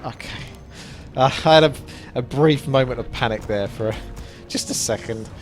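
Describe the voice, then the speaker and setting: A man's voice: medium pitch, normal speed, faint music behind. A man giving casual, chatty game commentary, thinking aloud as he plays. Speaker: gameplay commentator.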